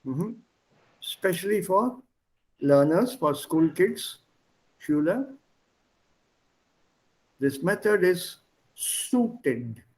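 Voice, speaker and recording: A man teaches an online language class over a video call. His voice sits a little high and he speaks slowly, going through the words one by one and moving between languages as he explains. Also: expressive, darkish tone. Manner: slow, explains word by word, switches between languages.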